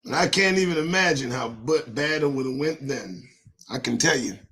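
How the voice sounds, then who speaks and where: A middle-aged man hosting his own show, ranting in a rhyming monologue with sudden shouts and swearing. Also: medium pitch, animated, normal speed. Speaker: host of a daily online show.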